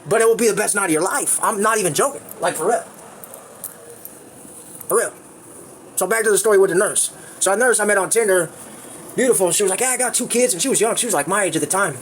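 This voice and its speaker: High-voiced guy rambling crude on a livestream, talks super fast. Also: a bit bright, a little hiss or hum. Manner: rambling and crude, with many fillers. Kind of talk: casual storytelling on a livestream.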